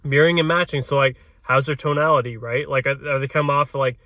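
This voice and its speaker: A man's voice: medium pitch, steady tone, fairly quick, sharp tone, no room sound. A man who works as a realtor, coaching in casual talk, often ending points with "right?" and restarting his words. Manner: peppers sentences with tag "right?". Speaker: realtor coaching door knocking.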